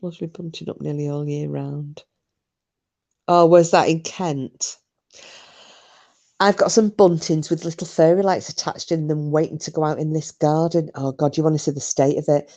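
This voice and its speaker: A middle-aged woman with a low, deep voice talks to her live audience. She rambles from one thought to the next and swears offhandedly. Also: fairly even intonation, normal speed, mellow. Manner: chatty, rambling, swears casually. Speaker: livestream host reading chat. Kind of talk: casual live chat with viewers.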